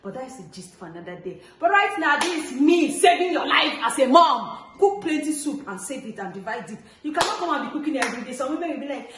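High-voiced Nigerian woman vlogging. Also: quick pace, hardly any pauses. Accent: Nigerian English. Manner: chatty, teasing, lively preaching. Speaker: family vlogger. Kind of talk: casual cooking vlog chat. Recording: echoey room with background noise.

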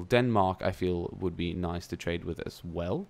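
A man's voice: low-pitched, measured pace, creaky, a little hiss or hum. A young man casually commentating his own strategy game, thinking aloud and swearing now and then. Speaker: gameplay commentator. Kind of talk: casual let's-play commentary.

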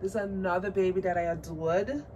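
A woman vlogging about her doll collection in a casual unboxing chat, gushing and excitable, cooing at a doll in baby talk. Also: mid-range voice, a little fast, dull audio. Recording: distant mic with faint background noise.

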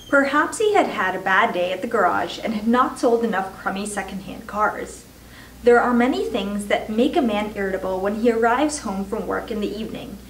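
Woman reader, children's book read-aloud, measured; roomy, distant mic, faint hiss. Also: mid-range voice. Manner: measured, slows for emphasis. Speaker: volunteer reader.

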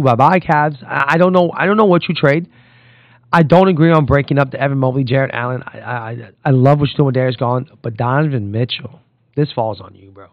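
Male podcast host, animated basketball rant, mid-pitched voice, dry and somewhat dull recording. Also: dry recording. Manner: animated, rants and calls out players directly. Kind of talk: casual sports commentary. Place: Florida.

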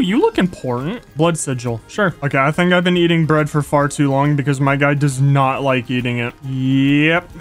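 A young man giving excitable, gushing Let's Play commentary, yelping when enemies appear. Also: on the high side. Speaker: gaming YouTuber.

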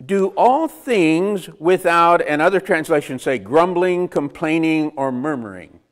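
A man's voice: a little high, expressive, unhurried. A man preaching a conversational sermon, asking the congregation rhetorical questions and chuckling between points. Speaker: pastor.

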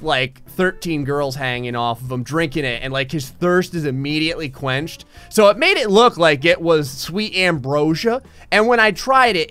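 Young guy gaming host rambling while he plays, bright voice, bouncy, faint music behind. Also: a little high, clear, resonant tone. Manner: rambling, animated storytelling. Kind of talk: casual gameplay commentary.

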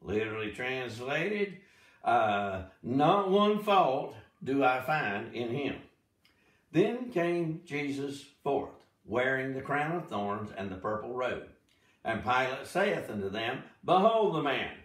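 A man teaching a Bible study, reading scripture aloud slowly and dramatically, with short explanatory asides. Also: mid-range voice, lively intonation, fairly bright tone. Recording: echoey room, mic at a distance.

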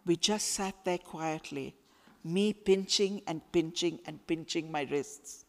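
A woman author reads her novel aloud, slowly and expressively, letting each phrase breathe. She is in a school hall, and a long reverb trails after her voice. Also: lowish voice. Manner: slow, expressive storytelling.

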